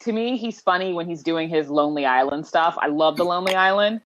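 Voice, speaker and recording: A woman's voice: on the low side, a little fast, dull audio, a little hiss or hum. A woman co-hosting a casual podcast chat, steering the conversation in a matter-of-fact way. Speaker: podcast co-host.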